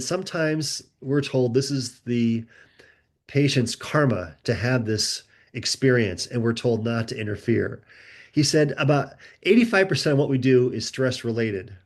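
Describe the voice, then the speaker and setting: Man telling lively stories as a guest. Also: mid-range voice, unhurried. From United States. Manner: animated, acts out quoted voices. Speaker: guest author. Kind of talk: conversational storytelling.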